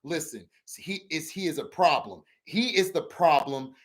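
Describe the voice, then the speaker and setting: A man doing an impression of a blustery male sports pundit who insists the coach is the problem, in a deep gruff voice. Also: expressive, moderate pace, lightly acted. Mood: insistent.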